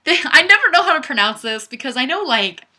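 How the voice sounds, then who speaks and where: A young woman hosts a webcam livestream from a room at home, reading viewer comments aloud in casual chat, bubbly, giggly, and playfully self-deprecating. Her high, sing-song voice is fast, bright, and forceful, picked up by the webcam mic.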